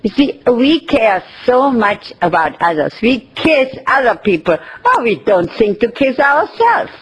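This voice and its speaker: A woman giving an inspirational talk about self-love, speaking in an expressive way with pauses and soft laughs. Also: fairly high pitch, breathy edge, rough recording.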